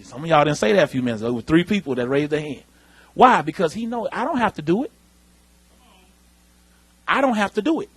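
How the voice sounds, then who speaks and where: A man preaching a lively sermon in church, calling out to the congregation. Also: medium pitch, breathy edge. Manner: animated preaching, calls out to the congregation. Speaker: pastor. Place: church sanctuary.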